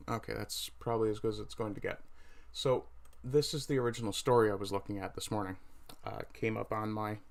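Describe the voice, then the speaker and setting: A man with a low voice hosts a casual home livestream, talking loosely to his chat. He pauses often and fills the gaps with ums and uhs. His mic sits right under his chin. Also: creaky. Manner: hesitant, many fillers, reads chat aloud. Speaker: livestream host.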